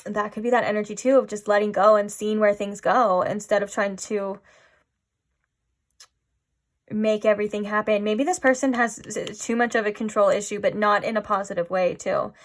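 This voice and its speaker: A woman giving a casual pick-a-card tarot reading, rambling and filling her talk with "like", often dropping into soft, musing asides. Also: mid-range voice, fairly quick. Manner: rambling, heavy use of "like". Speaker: tarot reader.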